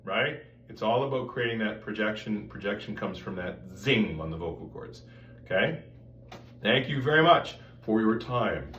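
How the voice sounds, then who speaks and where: Male voice teacher, bright and ringing, a bit off-mic with faint music behind. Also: fairly low pitch, normal speed, echoey room, recorded from a distance. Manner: animated, coaching, talks straight to the viewer. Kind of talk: vocal technique lesson with demonstrations.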